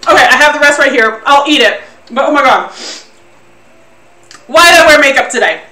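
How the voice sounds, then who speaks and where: A woman streamer chatting casually to her viewers, loudly exclaiming and laughing while suffering through a spoonful of wasabi. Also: high voice, animated, fairly quick, echoey room, recorded from a distance. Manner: exclaiming and laughing, talks to chat. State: sniffly and pained from wasabi. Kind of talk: casual live-stream chat. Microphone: desk mic, sometimes clipping.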